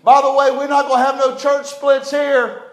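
Preacher man, high voice, gets loud then real quiet, big echoey church. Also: completely flat delivery, normal speed. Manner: fervent preaching, swings from loud to hushed. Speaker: pastor. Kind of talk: sermon. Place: church sanctuary.

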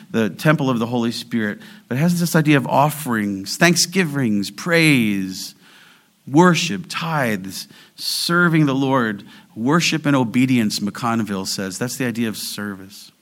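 Bright-voiced emphatic male preacher. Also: medium pitch, animated. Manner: emphatic, rising sharply on key words; slow, deliberate reading of scripture. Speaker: pastor. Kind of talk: expository sermon.

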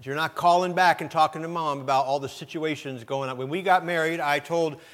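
A middle-aged male pastor delivers a sermon with a fairly high voice. He speaks plainly to the congregation, repeating himself as he builds, then pushes into loud, impassioned emphasis. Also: steady tone, brisk. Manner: impassioned preaching that swells to loud emphatic peaks; conversational, direct address to the congregation with repetitions.

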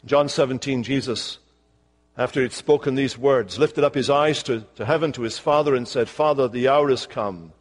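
An older man with a Scottish accent preaching a sermon in a church, slowing down to stress his key words. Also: medium pitch. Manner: expressive preaching, slowing for emphasis. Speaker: pastor. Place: church sanctuary. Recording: long church reverb.

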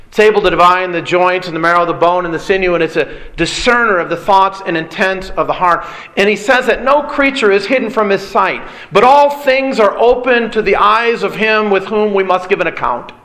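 A man preaching a sermon, earnest and emphatic, building points through repetition and pauses. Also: sits high, pushed and bright, poor audio.

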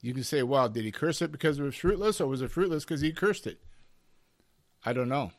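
A man's voice: mid-range voice, expressive, a little fast. Emphatic male Bible preacher. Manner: emphatic, with rising and falling intensity and rhetorical questions; addresses listeners as "beloved". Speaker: Bible teacher.

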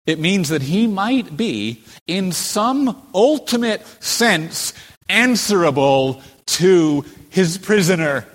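A man preaching a sermon with dramatic emphasis, acting out the figures he quotes, in a church sanctuary. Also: high voice. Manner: dramatic, voices quoted speakers with rising emphasis. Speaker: pastor. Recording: reverberant church hall.

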